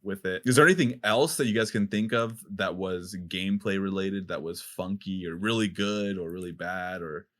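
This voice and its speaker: A man's voice: deep voice, fairly even intonation, moderate pace, hardly any pauses, fairly bright tone. A man hosting a gaming podcast in casual chat, steering the talk with questions.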